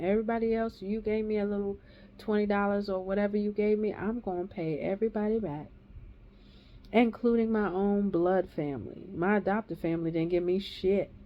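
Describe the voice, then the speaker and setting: A woman's voice: medium pitch, slight background noise. Heated profane woman ranting, dull lo-fi. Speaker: woman giving a personal testimony. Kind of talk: raw angry monologue. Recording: dull lo-fi recording.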